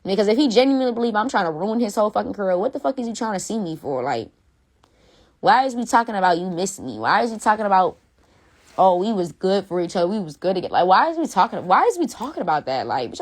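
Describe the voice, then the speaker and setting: A woman's voice: medium pitch, sing-song, fast. A woman ranting on a phone live stream, blunt and profane, repeating herself for emphasis. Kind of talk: heated casual rant.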